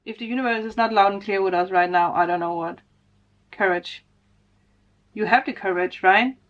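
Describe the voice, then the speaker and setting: A woman's voice: medium pitch, moderate pace, muffled recording. A woman doing a casual tarot reading vlog for her viewers, talking to them directly, emotional and laughing often. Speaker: spiritual tarot reader.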